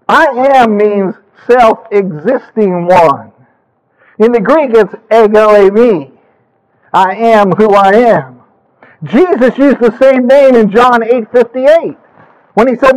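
A man with a high voice delivers a sermon over a radio broadcast. He tells stories and lifts into animated emphasis on his key points. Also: takes it slowly, pauses often, low-quality recording. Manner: storytelling, animated with rising emphasis. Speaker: preacher.

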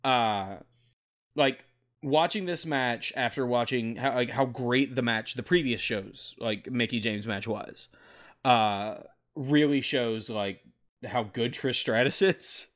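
A man's voice: mid-range voice, takes it slowly, fairly bright tone. A man hosting a casual podcast chat, recapping events at length with lots of fillers and frequent swearing. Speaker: podcast host recapping wrestling.

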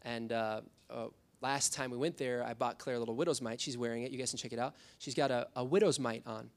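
A man's voice: medium pitch, quick pace, gravelly. A young adult man preaching a sermon as a youth pastor, telling stories with acted-out quotes. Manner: storytelling, animated with acted quotes.

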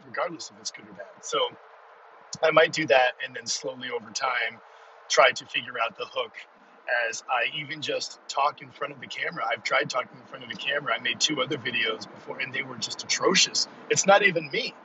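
A middle-aged man hosting a casual solo podcast from inside his car, rambling and self-deprecating, excitable in his talk. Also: medium pitch, fairly quick, recorded from a distance, lo-fi sound, slight background noise. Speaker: podcast host.

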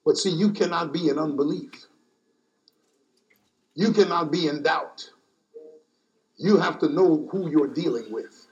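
A man preaching a sermon in a slow, repetitive cadence, stacking refrains line after line. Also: fairly high pitch, darkish tone, muffled recording. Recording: distant mic.

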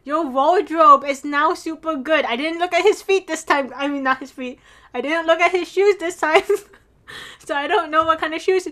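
A young woman excitedly recapping a TV drama episode in casual chat, gushing and giggly. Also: sits high, brisk.

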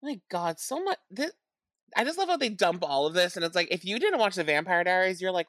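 Woman podcast co-host, low voice, excitable and profane, dry close recording. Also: fairly quick, no echo. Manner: excitable, laughs often, swears. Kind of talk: casual TV recap chat.

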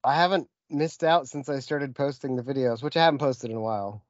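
A man's voice: medium pitch, a little fast, no echo, dull audio. A man co-hosting a podcast, telling stories in casual chat and laughing often. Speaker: podcast co-host.

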